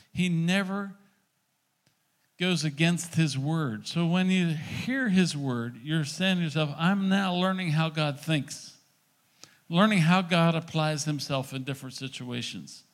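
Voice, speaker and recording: Middle-aged man, pastor, conversational sermon, slightly higher voice, acts out dialogues. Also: a bit bright. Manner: conversational, acting out little dialogues.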